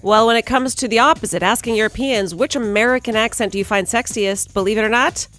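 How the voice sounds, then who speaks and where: A woman co-hosting a morning radio show, reading news items briskly and joking with the hosts. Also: on the high side, fairly bright tone, soft background music. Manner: brisk, reads headlines then jokes.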